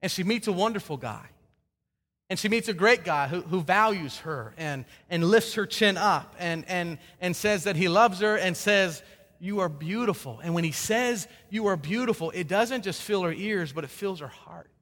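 A man preaching a sermon as pastor, earnest, swinging from emphatic peaks down to soft low endings. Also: expressive, moderate pace. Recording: long hall reverb.

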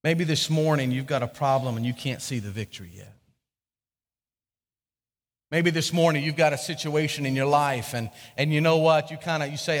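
A man's voice: a little high, moderate pace. A male pastor preaching a sermon in a conversational way, repeating words and asking the congregation questions, in a church. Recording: echoey hall.

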